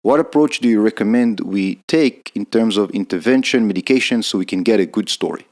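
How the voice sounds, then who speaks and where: A man's voice: lowish voice, a little fast, darkish tone. A man, an emergency physician hosting a podcast, asking questions and affirming his guest's answers. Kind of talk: interview questions.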